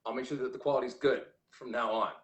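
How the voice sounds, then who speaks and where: Reading the chat aloud on a casual livestream, this man rambles and keeps restarting. His medium-pitched voice is steady and fast, and the recording sounds roomy.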